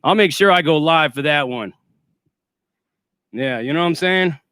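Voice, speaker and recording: Male streamer, sarcastic and foul-mouthed; bright, clear voice, dry close sound. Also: fairly high pitch, moderate pace, dry recording. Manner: profane, sarcastic and boastful. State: shaky and winded after a workout. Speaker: livestream host. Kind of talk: casual livestream rant.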